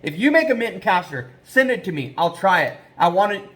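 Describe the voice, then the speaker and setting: A man talking casually in a vlog about trapping, rambling and excitable, with many fillers and restarts. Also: high voice, a little fast. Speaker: trapping vlogger.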